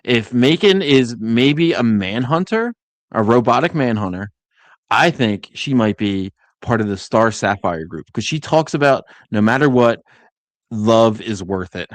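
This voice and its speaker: An animated man co-hosting a casual review podcast, voice sitting in a middle register. He recaps scenes by jumping into little character voices. The sound is dry and close, with no room around it. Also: medium pitch, a little slow, no room sound. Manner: animated, acts out quotes in voices. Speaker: podcast co-host.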